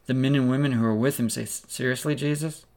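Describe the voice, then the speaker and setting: A man's voice: mid-range voice, steady tone, rapid-fire, a little mellow. A man preaching a sermon, retelling a story vividly in the second person as a preacher.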